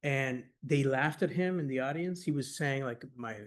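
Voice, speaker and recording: A man speaking at a scholarly workshop, telling stories in an enthusiastic, rapid, conversational way full of "like" and "you know", sometimes laughing as he goes. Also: mid-range voice. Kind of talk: animated conversational lecture.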